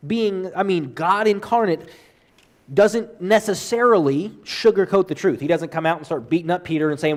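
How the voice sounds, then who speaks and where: A man's voice: sits high, normal speed, darkish tone. A man teaching a church Bible class off the cuff, earnest and hesitant, full of restarts and fillers.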